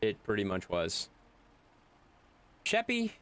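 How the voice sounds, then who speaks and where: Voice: sits low, huge pitch swings, slow pace, a bit bright. A game streamer chatting casually with viewers, loose and jokey, swearing freely. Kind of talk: casual live-stream chat.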